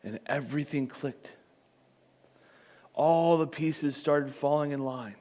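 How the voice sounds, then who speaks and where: A man preaching a sermon as pastor, telling the story in an animated way with comic asides. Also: fairly high pitch, slow pace.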